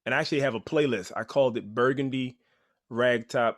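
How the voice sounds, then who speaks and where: Guy on a podcast just chatting, animated storyteller, lots of likes and you knows, medium voice, dry close sound. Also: mid-range voice, brisk, no room sound. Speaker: podcast guest, rapper and teaching artist. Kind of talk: casual storytelling.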